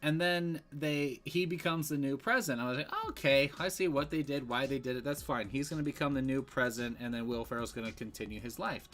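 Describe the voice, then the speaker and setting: A man's voice: mid-range voice, fairly even intonation, brisk, few pauses, a bit bright. A man giving a casual, rambling movie review, full of fillers and restarts.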